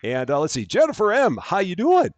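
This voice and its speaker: A man's voice: sits high, huge pitch swings, a little fast, no room sound. A man hosting a live game stream, chatting casually and greeting viewers by name with upbeat lifts in his voice. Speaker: livestream gaming host.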